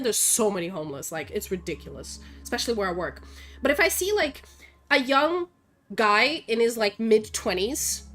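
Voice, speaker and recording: A young woman streamer rants in a blunt, profane, animated way, her voice fairly high and full of fillers. Soft music runs faintly behind her. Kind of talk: casual opinionated rant while gaming.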